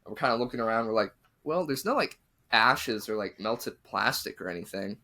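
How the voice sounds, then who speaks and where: Here a fairly low-pitched man talks fairly quickly while hosting a podcast. His casual spooky story comes alive as he animatedly performs what its characters said.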